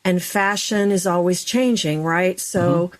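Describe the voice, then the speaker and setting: A middle-aged woman, a speech and dialect coach, explaining in a lively, chatty way as a podcast guest. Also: lowish voice, slow.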